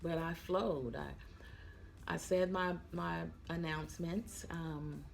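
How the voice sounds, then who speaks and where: A woman's voice: lowish voice, steady tone, takes it slowly, gravelly, faint music behind. Tired, chatty young woman vlogger. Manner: chatty, addresses viewers as y'all, yawning. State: tired, yawning. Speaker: vlogger, flight attendant. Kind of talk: casual chat to camera.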